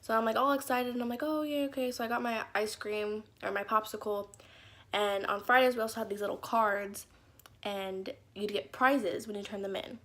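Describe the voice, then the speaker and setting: A woman's voice: medium pitch, steady tone, normal speed, fairly bright tone. A young woman telling embarrassing stories from her childhood in a casual vlog, with lots of "like" fillers and acted-out quotes. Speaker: YouTuber. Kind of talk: story time vlog.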